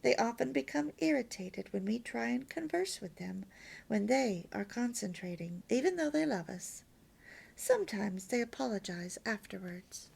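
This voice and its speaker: A woman's voice: fairly high pitch, expressive, normal speed, gravelly, a little mellow, slight background noise. A woman reading a homemaking lesson aloud as a story, lilting and emphatic with near-whispered asides. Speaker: reader of a homemaking course.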